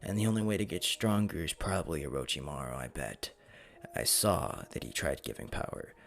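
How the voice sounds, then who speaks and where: Figure: moody vengeful teenage girl ninja, as a man puts her on. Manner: slangy, sulky. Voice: gravelly. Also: rumbling low, big pitch swings, brisk, fairly bright tone, heavily acted. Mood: brooding.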